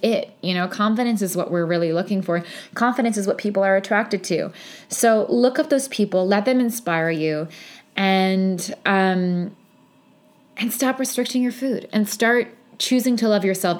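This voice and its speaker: A young woman talks through a solo podcast in a chatty, candid way. She drifts into self-deprecating asides and pleads with her listeners. Her voice sits at an everyday pitch for a woman. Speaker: podcast host. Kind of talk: casual solo podcast monologue.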